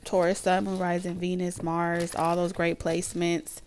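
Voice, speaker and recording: A woman hosting a live tarot reading stream, greeting viewers by name in a relaxed, chatty way with casual slang. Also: fairly low pitch, moderate pace, a little hiss or hum.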